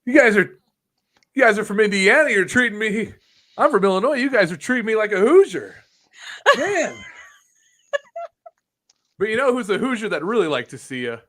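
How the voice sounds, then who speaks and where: A brash male wrestler cutting a promo and ribbing the crowd in a loud, mocking voice, as a man puts him on. The voice sits well above his usual pitch and lands hard on the punchlines, in a raised, teasing tone. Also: big pitch swings, normal speed, pauses often, heavily acted. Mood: taunting.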